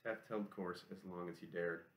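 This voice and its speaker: Steady male audiobook narrator, monotone delivery, echoey room. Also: deep voice, normal speed. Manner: steady, even reading.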